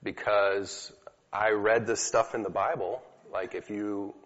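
A man's voice: fairly low pitch, fairly even intonation, slow, a bit bright. Man teaching in an echoey hall. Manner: storytelling, casual with fillers. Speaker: speaker teaching about healing prayer. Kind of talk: conversational teaching talk to an audience. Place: hall with a live audience. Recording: dull lo-fi recording in an echoey hall.

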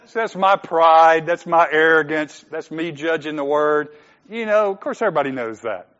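A man's voice: fairly high pitch, animated, moderate pace, fairly bright tone, in a large hall, muffled recording. A man preaching as pastor, conversational and joking, laughing often in a church sanctuary. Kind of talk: sermon.

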